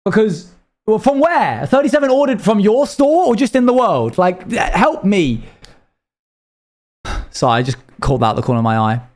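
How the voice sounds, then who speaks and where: Chatty British man, higher voice. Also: very animated, moderate pace, darkish tone. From United Kingdom. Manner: rambling, reads chat messages aloud and answers them. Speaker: streamer. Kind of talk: casual live-stream chat.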